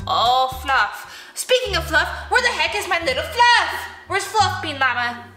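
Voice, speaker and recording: A woman's voice: extremely high pitch, big pitch swings, a little slow, sharp tone, soft background music. A woman vlogging playfully with her toy llamas, talking to them in a bubbly, sing-song way. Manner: bubbly, sing-song, talks to toys in baby talk. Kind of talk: playful kids' toy vlog narration.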